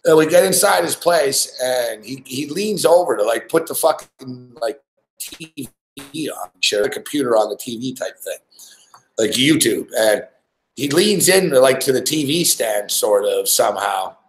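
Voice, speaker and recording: A man's voice: medium pitch, expressive, a little slow. A young man from Montreal, hosting a podcast and telling a rambling, profane story full of "like" and laughter. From Montreal, Canada. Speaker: podcast host. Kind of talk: casual storytelling chat. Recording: echoey room.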